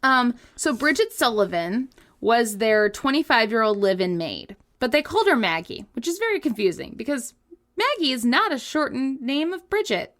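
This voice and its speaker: A woman co-hosting a podcast, telling a story in a giggly, animated casual chat. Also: fairly high pitch, normal speed. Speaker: podcast co-host.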